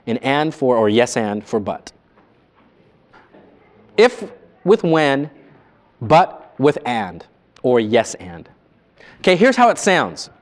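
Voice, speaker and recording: A man training salespeople in a live seminar, animated and quizzing his audience. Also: on the high side.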